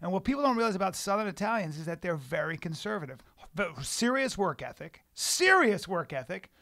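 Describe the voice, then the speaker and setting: Male co-host, very high voice, excitable and profane riffer in loose chat. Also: brisk. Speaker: podcast co-host. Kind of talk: casual chat.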